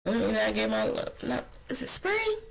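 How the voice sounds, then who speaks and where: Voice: medium pitch, very animated, moderate pace, vocal fry, a bit bright, low-quality recording. Ranting, profane solo podcast host. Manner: rambling, blunt and profane, often talking to themself; heated, ranting. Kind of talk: casual solo podcast monologue.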